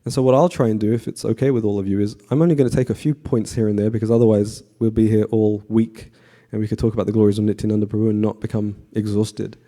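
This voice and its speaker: A man giving a conversational devotional class to a temple audience, often asking the audience questions and pausing with fillers. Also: lowish voice. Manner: frequent fillers and restarts, relaxed.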